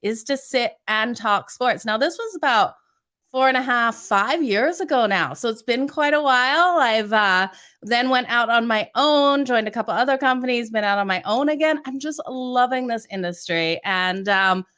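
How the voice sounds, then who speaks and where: A woman's voice: a little high, animated, moderate pace, fairly bright tone. Upbeat chatty woman, Canadian-Australian accent. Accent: Canadian with Australian traces. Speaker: guest sports handicapper. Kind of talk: casual sports betting chat.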